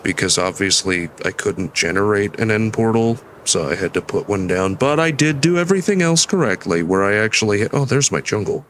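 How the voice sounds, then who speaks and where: A man's voice: lowish voice, expressive, moderate pace, few pauses, fairly bright tone, a little hiss or hum. A tired young man mumbling and rambling through casual gameplay commentary, with a nasal voice. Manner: mumbling, rambling, self-deprecating. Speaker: streamer.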